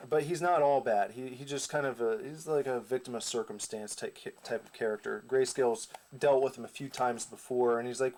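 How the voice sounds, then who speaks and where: Man at mid pitch, loose conversational recap, rambling asides. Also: steady tone, fairly quick, hardly any pauses, a little mellow. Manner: rambling, casual, with fillers and asides. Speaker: comic creator. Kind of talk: casual comic recap narration.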